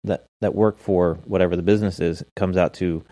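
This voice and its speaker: Deep-voiced man hosting, dry close sound. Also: fairly quick, no echo. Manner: steady, steers topics, reads out statistics. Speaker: host. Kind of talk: casual chat.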